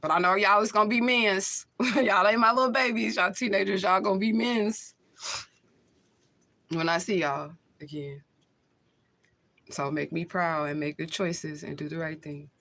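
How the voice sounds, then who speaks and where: A woman's voice: medium pitch, unhurried, sharp tone. A woman talking casually into the camera on a livestream, emotional and blunt, swearing freely and laughing often.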